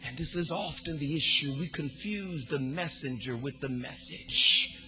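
A man preaching a sermon in a sing-song cadence, swinging between hushed, quiet passages and fervent shouting. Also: fairly high pitch, a little slow, soft background music.

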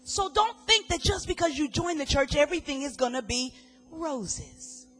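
High bright-voiced woman preacher. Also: expressive, normal speed, faint music behind. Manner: dramatic preaching, swinging from hushed to loud. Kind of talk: sermon.

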